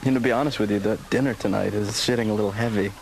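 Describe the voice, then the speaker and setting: An actor voicing a bored, slacking adult son who talks in a lazy, sing-song way. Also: male voice, fairly low pitch, steady tone, fast talker, gravelly, a little mellow, slight background noise, poor audio.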